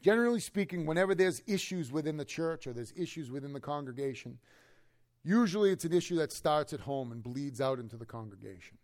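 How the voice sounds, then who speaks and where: A pastor preaching an expository sermon to his congregation in church, talking conversationally and swinging between loud, emphatic lines and hushed asides. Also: fairly high pitch, animated, fairly quick. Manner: conversational, keeps checking in with the listeners.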